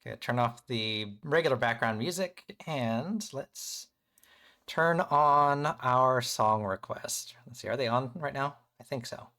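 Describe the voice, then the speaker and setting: A man live-streaming casually to his chat, playful and excitable, joking about himself and rambling as he sets things up. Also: medium pitch, a little slow. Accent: American. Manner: playful, chatty, self-deprecating, excitable.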